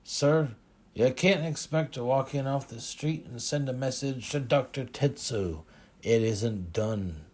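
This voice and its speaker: A man voicing a curt male security guard in an audiobook, speaking loudly and bluntly. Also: mid-range voice, lively intonation, normal speed, hardly any pauses, voice pushed up, close to an everyday voice. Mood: irritated. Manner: curt and loud.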